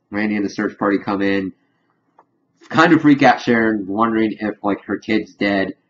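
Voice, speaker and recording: A man reviewing a cartoon episode in a casual spoken recap, retelling it animatedly and dipping quiet then loud. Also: on the low side. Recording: dull lo-fi with faint hum.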